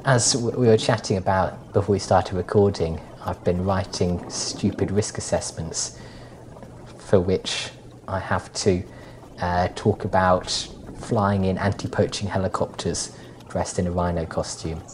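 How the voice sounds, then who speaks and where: A woman with a very low voice co-hosting a chatty podcast, teasing and deadpan. She sounds sleep-deprived, and faint hiss sits under her voice. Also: unhurried. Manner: dry, jokey, self-mocking. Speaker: podcast co-host. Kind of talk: casual chat.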